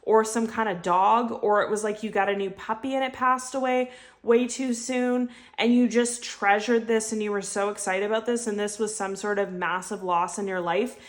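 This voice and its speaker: A woman's voice: medium pitch, fairly even intonation, normal speed. A woman giving an intuitive tarot reading to her viewers, talking in an earnest, emotional way and repeating her phrases. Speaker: tarot reader.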